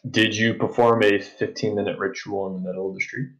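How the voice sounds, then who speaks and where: A man's voice: lowish voice, flat delivery, brisk, muffled recording, a crowd in the background. A man running a tabletop game as game master, asking his players dry, probing questions.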